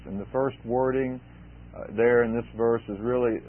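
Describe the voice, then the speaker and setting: A man's voice: mid-range voice, little pitch movement, normal speed, no room sound. A man preaching an expository sermon, emphatic and repeating key phrases for weight. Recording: tinny phone-like sermon recording.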